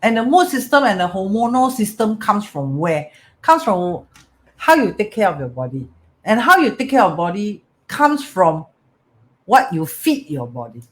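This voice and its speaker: This metaphysics teacher speaks Singaporean-accented English in a high, very animated voice at a moderate pace. He is giving a motivational talk, going over phrases again and regularly checking in with "right?" and "correct?".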